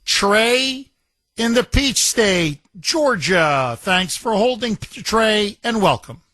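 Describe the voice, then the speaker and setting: Radio talk show guy, high voice, rambles and gets worked up, dry close studio mic. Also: slow pace, no room sound. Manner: excitable, rambling, emphatic. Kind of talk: talk radio, taking calls. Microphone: studio microphone.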